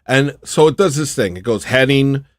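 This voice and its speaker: A man's voice: mid-range voice, expressive, normal speed, dry recording, clean studio sound. A man hosting a livestream, chatting casually in a rambling, sarcastic way and mocking what others say. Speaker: livestream host.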